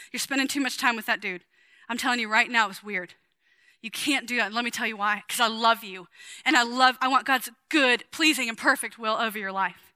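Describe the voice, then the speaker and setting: High, bright-voiced woman preaching animatedly. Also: no echo. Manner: animated, chatty and emphatic, with sudden loud bursts. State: sweating. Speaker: women's ministry speaker. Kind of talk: sermon.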